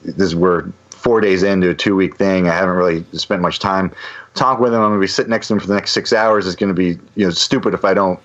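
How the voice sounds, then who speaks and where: A guest musician on a casual podcast tells a story in an animated, rambling way, restarting often. His voice is low-pitched and fast, and the recording has a dull lo-fi sound.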